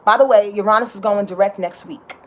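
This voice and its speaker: A woman's voice: medium pitch, brisk. A woman giving a casual astrology talk, passionate and dramatic, emphatic and repetitive, with slang and swearing. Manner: profane and slangy.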